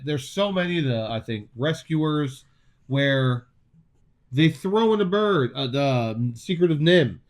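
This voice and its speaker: Rambling man in casual podcast chat. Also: on the high side. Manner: rambling, with frequent restarts and searching for names. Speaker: podcast co-host.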